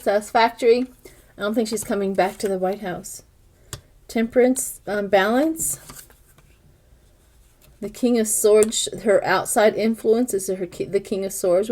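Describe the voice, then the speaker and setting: Her voice is medium in pitch, steady and dark, and she speaks at a normal speed. She's an older tarot reader doing a casual reading to camera, chatting straight to her viewers and musing over what each card means.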